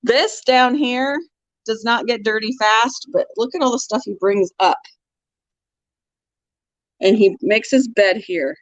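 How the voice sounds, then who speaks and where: Strolling past the animal cages at her home, a pet channel host chats casually and laughs often in a fairly high voice. Her delivery is slow with frequent pauses, and the sound is dry, dull, and lo-fi.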